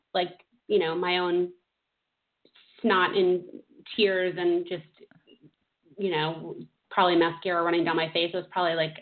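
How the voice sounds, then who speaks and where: A woman in her thirties, a podcast co-host, telling a personal story in an emotional, rambling way with many fillers and restarts. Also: lowish voice. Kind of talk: casual conversational storytelling. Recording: tinny phone-like audio.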